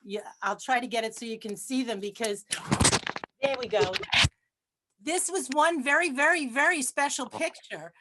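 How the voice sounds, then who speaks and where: High-pitched woman, rambling casual recollection on a video call. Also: normal speed, heavy background noise. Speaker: reunion participant sharing photos. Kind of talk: casual reunion chat.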